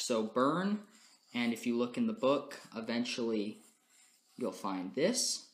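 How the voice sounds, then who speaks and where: A man's voice: medium pitch, fairly bright tone. A young man giving a class presentation as a language student, explaining things step by step in a methodical way with frequent "um" and "uh" fillers. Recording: roomy echo.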